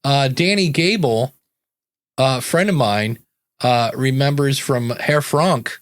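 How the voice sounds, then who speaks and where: Male podcast host, mid-pitched, conversational, dry close mic. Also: slow, dry recording. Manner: chatty, reads listener comments aloud. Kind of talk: casual livestream chat.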